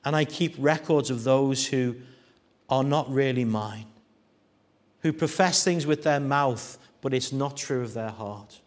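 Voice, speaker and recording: Preacher with sweeping dramatic delivery. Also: male voice, mid-range voice, unhurried. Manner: dramatic shifts from hushed to loud, acting out quoted voices. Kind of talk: sermon.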